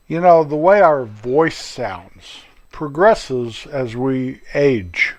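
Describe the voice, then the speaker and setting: A man's voice: mid-range voice, extremely slow, hardly any pauses. Folksy older male podcast host. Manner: folksy and rambling, chatty asides. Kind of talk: casual solo podcast monologue.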